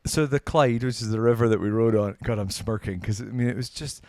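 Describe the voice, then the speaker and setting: A man's voice: mid-range voice, a little fast, a little mellow, no echo, studio quality. A man with a Scottish accent, a podcast guest telling stories in casual chat, swearing and self-mocking. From Scotland. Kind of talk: casual storytelling.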